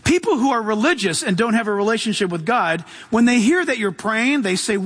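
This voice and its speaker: A male pastor delivers a sermon in a notably high voice. He preaches with animation and slips into voices for the people in his stories. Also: expressive, a little fast, few pauses, a bit bright, big-room sound, a little hiss or hum.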